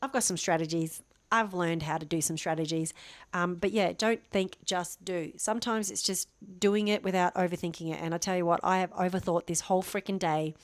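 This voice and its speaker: A middle-aged woman rambles cheerfully into a home microphone, self-deprecating and chatty. Her voice sits on the low side. The sound is close and dry. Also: steady tone, brisk, no echo. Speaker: vlogger, former teacher. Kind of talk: casual talking-head vlog. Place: home near a main road. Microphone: microphone on a stand facing her, camera turned away.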